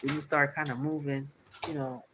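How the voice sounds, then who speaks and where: Against a noisy background, a man with a fairly high voice and flat delivery speaks at normal speed. He's a tarot reader on a live stream, giving a spiritual pep talk that circles loosely and repetitively with encouragement.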